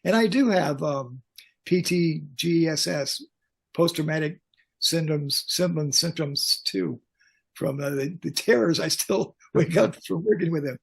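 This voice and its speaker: An older man, a concert pyrotechnics veteran, telling lively backstage stories as a podcast guest and acting out the lines he quotes. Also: fairly high pitch, measured pace, vocal fry, breathy edge. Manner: animated anecdotes, acts out quoted lines. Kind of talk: storytelling in a podcast interview.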